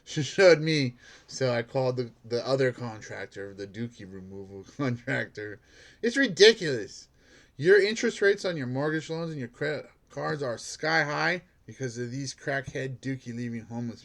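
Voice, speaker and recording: A man who works as a bank security guard, telling a rambling story in a casual monologue, filled with "like" and laughing at himself. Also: mid-range voice.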